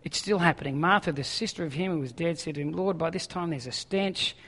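A man's voice: on the high side, fairly quick, fairly bright tone. A man preaching a sermon who reads scripture aloud and then paraphrases it in an urgent, conversational way. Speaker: pastor. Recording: long hall reverb.

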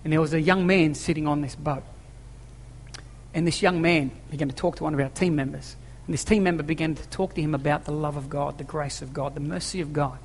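A pastor preaches to his congregation in a church hall, his fairly high voice steady in tone and a little fast. He's emphatic, repeating key phrases and posing rhetorical questions, while long church reverb echoes and slight background noise is audible.

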